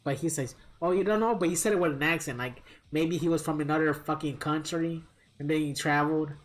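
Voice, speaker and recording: A man's voice: a little high, steady tone, brisk, soft background music. A man live-streaming a fighting game, chatting casually with viewers in a rambling, profane storytelling manner.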